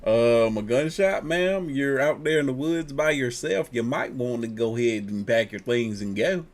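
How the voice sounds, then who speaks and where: A stern, scolding character in a put-on accent, as a man does it on the spot. The delivery is mock-serious and bossy, with a flat, matter-of-fact push. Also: mid-range voice, normal speed, lightly acted.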